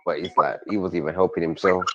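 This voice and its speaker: A man's voice: low-pitched, steady tone, fast talker, muffled recording, slight background noise. A man chatting on a stream, retelling stories while he keeps breaking into laughter. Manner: laughing storyteller. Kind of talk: casual reaction chat.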